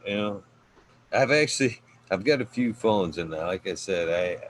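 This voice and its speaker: Man, very low voice, casual podcast host, lots of fillers, faint ambience. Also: expressive, unhurried, a little hiss or hum, low-quality recording. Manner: rambling, many fillers, warm thanks.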